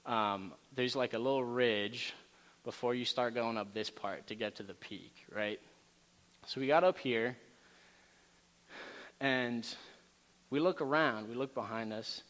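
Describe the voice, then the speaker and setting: A man's voice: mid-range voice, unhurried, long pauses. Casual storytelling man in a reverberant hall. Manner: animated, casual storytelling with many fillers. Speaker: campus ministry speaker. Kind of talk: storytelling sermon talk.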